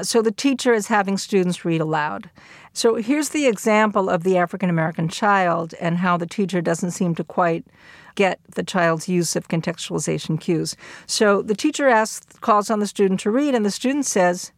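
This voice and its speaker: A woman giving a recorded lecture, explaining at a measured pace and acting out the quoted lines. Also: mid-range voice, gravelly, no echo, studio quality.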